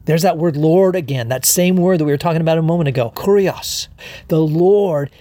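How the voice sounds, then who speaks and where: A male pastor delivers a sermon, unpacking word meanings and asking rhetorical questions. His voice sits a little high, with the odd "uh" between points. The sound is dry and close. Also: a little fast, mellow, no room sound. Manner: expository, explains Greek words, rhetorical questions; fillers and restarts.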